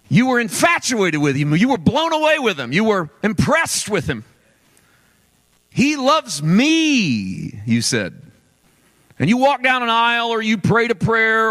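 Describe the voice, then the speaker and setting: Male pastor, slightly higher voice, emphatic sermon with dramatic shifts between loud and hushed. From United States. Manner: emphatic, swings between loud passion and low slow reading.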